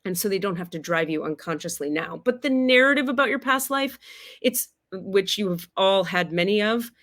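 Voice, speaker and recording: Woman, host, comic spiritual teaching, animated, casual swearing, big swings from hushed to loud, mid-pitched voice. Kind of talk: live-streamed spiritual teaching with comedy.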